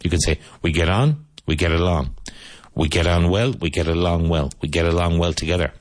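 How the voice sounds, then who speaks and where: A man hosting a radio-style English lesson, repeating words slowly and pointing out which syllable takes the stress. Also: sits low, no room sound. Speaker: English teacher.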